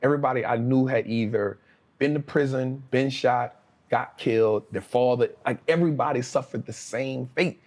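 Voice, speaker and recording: Speaking at a moderate pace in a mid-range voice, a guest from New Orleans, USA, narrates his life story for an interview. He uses casual street slang and retells events lively, performing the quotes.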